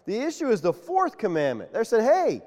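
A man preaching a sermon, animated and quizzing his congregation with questions. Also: high voice, fairly quick. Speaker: pastor. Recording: long reverb of a large hall.

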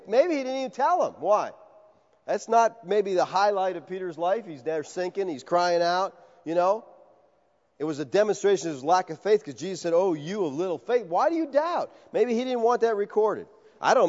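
A man preaching a verse-by-verse sermon as a pastor, talking in an animated way and acting out the voices of Bible figures. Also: high voice. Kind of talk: expository sermon. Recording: dull sound with long reverb in a large hall.

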